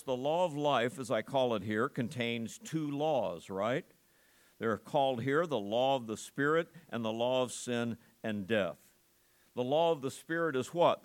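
A man with a mid-range voice preaches a sermon, reading scripture aloud and explaining it in an earnest, conversational manner.

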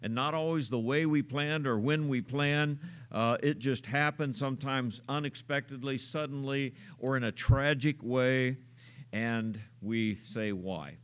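A man delivering a sermon in a steady middle-pitched voice. He preaches unhurriedly, pausing on filler sounds and posing questions to his listeners. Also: clean tone. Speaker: pastor.

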